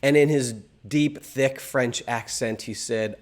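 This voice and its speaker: A man teaching a Christian video course, telling stories with an animated, emphatic delivery. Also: medium pitch, slow, few pauses. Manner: animated storytelling with emphatic stresses.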